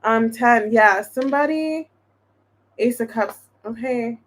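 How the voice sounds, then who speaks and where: Chatty woman tarot reader, higher-pitched, rambling casual delivery. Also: slow pace. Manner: chatty, thinks aloud, many restarts and fillers. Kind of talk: casual tarot reading to viewers.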